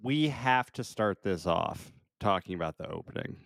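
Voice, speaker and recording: A man co-hosting a podcast, relaxed and laughing often as he steers a casual chat about a film. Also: low voice, normal speed, gravelly, no room sound, clean studio sound. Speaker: podcast co-host.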